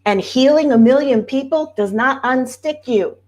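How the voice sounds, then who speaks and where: A woman's voice: high-pitched, normal speed, darkish tone. A woman spiritual coach talking casually to her viewers, earnest and repeating key phrases for emphasis. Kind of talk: casual livestream talk.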